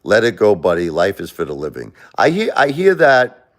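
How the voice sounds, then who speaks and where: A man's voice: lowish voice, wildly swooping pitch, normal speed. A middle-aged man from the United States hosting a livestream, talking bluntly and emotionally, confronting his viewers as he goes. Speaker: livestream host. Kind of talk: livestream rant.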